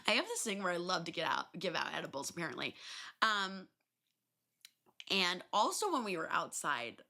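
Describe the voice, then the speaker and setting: A young adult woman hosting a podcast, telling stories in a loose, animated way, swearing freely and filling pauses with ums and likes. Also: lowish voice. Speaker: podcast host. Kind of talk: casual solo storytelling.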